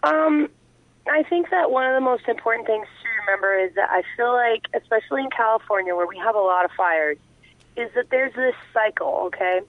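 Over a tinny phone line, a woman guest on a call-in interview earnestly lays out her views in long, run-on thoughts. Her voice sits on the high side and moves briskly, with no echo. It's a conversational explanation.

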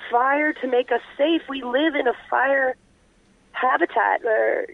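Woman on a phone call, kinda high voice, tinny line, earnest and rambly. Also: unhurried, creaky, slight background noise. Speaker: guest on a call-in interview. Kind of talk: conversational explanation.

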